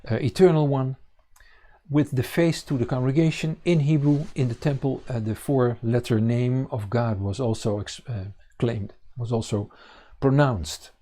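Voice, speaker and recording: A man teaching a congregation on scripture, pausing often with fillers and restarting his sentences. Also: mid-range voice, steady tone, warm tone. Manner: halting, many fillers and restarts. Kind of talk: bible teaching.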